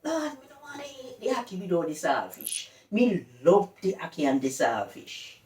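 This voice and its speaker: A woman's voice: fairly low pitch, very animated, normal speed, darkish tone, recorded from a distance. A woman with a Jamaican accent explaining words in a casual, sing-song way, switching between patois and plainer English. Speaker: culture vlogger. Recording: echoey room, voice from off mic.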